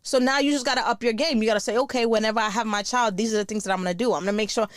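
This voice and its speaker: A woman, hosting a podcast in a blunt, profane, animated casual monologue. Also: fairly high pitch, very fast, no room sound, clean studio sound. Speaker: podcast host.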